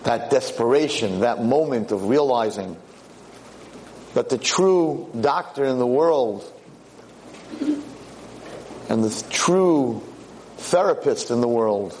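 A man giving a religious lecture, telling a story in an animated way and acting out the characters' words. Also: medium pitch, slow pace, long pauses, a little hiss or hum, poor audio. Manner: animated storyteller, acts out quotes. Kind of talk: sermon storytelling.

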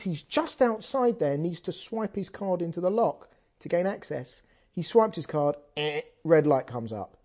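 A rabbi teaching through a long, animated story, acting out every scene with sound effects. His pitch jumps around freely, and his voice has a husky, breathy edge. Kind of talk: storytelling lesson.

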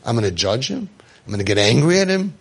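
A man's voice: mid-range voice, sing-song, fast, breathy edge. A man giving an inspirational talk to an audience, telling stories with jokes and acting out the people he quotes. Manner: joking, acts out quoted people. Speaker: inspirational speaker.

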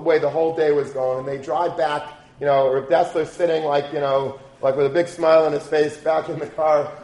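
A man with a slightly high voice tells a story in a loose, casual way, acting out the people he quotes. His voice rings in a roomy, echoey space. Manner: animated, acts out quoted characters with Yiddish and Hebrew words. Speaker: rabbi telling a story.

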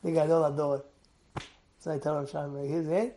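A man giving a sermon as a lively story, swinging from loud urging to hushed, quiet storytelling. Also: a little high, moderate pace.

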